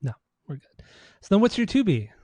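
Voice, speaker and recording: A man's voice: high voice, sing-song, fairly quick, mellow, no room sound. Chatty male podcast co-host, dry sound. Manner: laughs often, filler-heavy. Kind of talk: casual chat.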